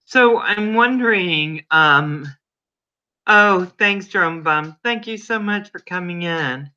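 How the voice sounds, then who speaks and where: Man, livestream host, slow-paced, exclamatory, casual chat, dull lo-fi sound. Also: high voice, bright, forceful tone, smooth. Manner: gushing, exclamatory reactions.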